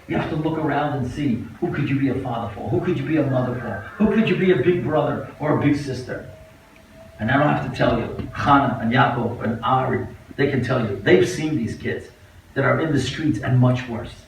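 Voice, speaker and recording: A man, a rabbi, giving a storytelling speech at a banquet, moving between hushed and impassioned delivery. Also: mid-range voice, a little fast, creaky. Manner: dramatic, swings from hushed to impassioned. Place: large banquet hall. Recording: echoey hall recorded from far off, faint noise.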